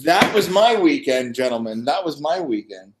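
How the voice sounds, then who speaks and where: A man chats casually on a live stream, his voice sitting a bit high. He tells stories with energy and acts out each exchange himself. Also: normal speed, background noise. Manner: animated storyteller, acting out dialogue. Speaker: co-host. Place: wine shop after hours, dim lighting.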